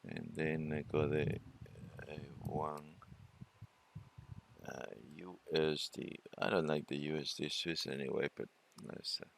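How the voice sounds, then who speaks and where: A man presenting a forex trading walkthrough, talking it through unhurriedly with many fillers and pauses. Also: extremely low pitch, flat delivery, creaky, a little hiss or hum. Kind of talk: screen-share trading walkthrough.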